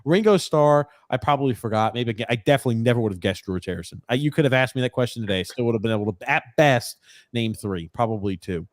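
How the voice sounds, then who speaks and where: A man's voice: medium pitch, lively intonation, fast talker, no room sound, studio quality. A young man hosting a podcast, casually reading viewer comments aloud and laughing often. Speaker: podcast host.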